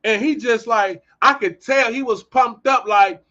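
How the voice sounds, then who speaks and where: Man, high voice, heated profane rant, host commentary, dull lo-fi sound. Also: measured pace. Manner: profane, ranting, animated storytelling. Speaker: podcast host.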